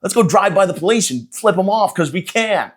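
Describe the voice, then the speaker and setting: Man doing a square suburban guy, chirpy, exaggerated, higher pitched, drawn-out. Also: expressive. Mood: mocking chirpy. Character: mocking cheery suburban white guy, middle-aged man.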